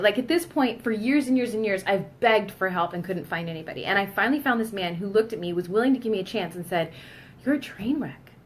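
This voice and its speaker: A woman in her thirties talking candidly in a casual personal vlog, emphatic and blunt, now and then swearing. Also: medium pitch. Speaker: vlogger.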